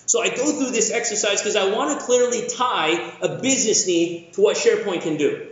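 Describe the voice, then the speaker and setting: Energetic male keynote speaker from the Philippines, bright high voice, echoey lo-fi hall sound. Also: moderate pace. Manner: energetic, jokey, asks the audience questions. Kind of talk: conference keynote talk. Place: large conference hall.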